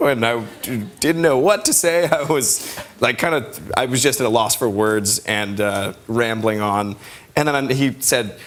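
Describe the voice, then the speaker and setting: A man guest on a talk show, telling an anecdote in an animated way with fillers and laughter. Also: medium pitch, normal speed.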